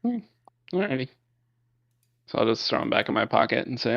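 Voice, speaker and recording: A man playing a tabletop game, talking hesitantly with lots of pauses. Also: mid-range voice, very animated, gravelly, no room sound, dull audio. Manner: hesitant, full of ums. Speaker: player. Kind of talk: in-character tabletop play.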